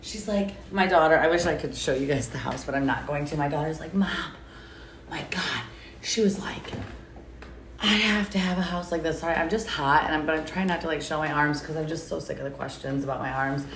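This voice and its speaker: A woman's voice: low voice, fairly quick. A woman chatting casually on a live stream, rambling and sarcastic and swearing freely. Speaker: TikTok creator. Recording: echoey room, faint background noise.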